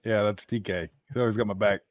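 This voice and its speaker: A man's voice: on the low side, fairly even intonation, fast, dry recording, clean studio sound. A man appearing as a guest on a casual livestream, answering in a laid-back, hesitant way. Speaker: guest, a comics and gaming content creator.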